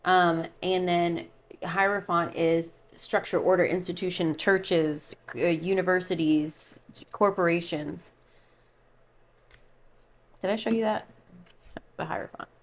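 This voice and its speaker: A chatty woman reads tarot cards for her viewers, thinking out loud as she goes. Her voice sits a little low. She drifts from card meanings into loose, casual asides. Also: fairly even intonation, measured pace, pauses often. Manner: chatty, musing, thinks aloud while pulling cards. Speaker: tarot reader.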